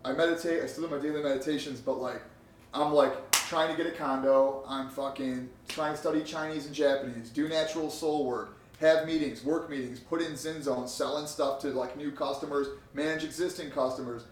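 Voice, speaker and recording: A young man co-hosting a podcast, telling stories in a profane, animated way. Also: on the high side, fairly quick, slight background noise. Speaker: podcast co-host. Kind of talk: casual chat. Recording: roomy sound, distant from mic.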